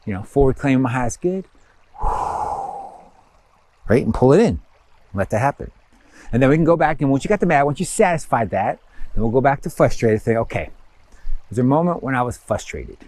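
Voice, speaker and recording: A man's voice: medium pitch, lively intonation, fairly quick, pauses often, a little mellow. A man teaching a spiritual course in a casual, rambling way, acting out inner thoughts in quotes with lots of fillers. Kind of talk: casual spoken lesson.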